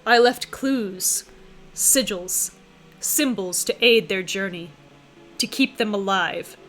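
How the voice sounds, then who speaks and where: A woman voicing a shadowy, immortal, time-bending being in a visual novel, speaking in a low, hushed, solemn way. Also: slow pace, soft background music, low-quality recording. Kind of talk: visual novel line reading.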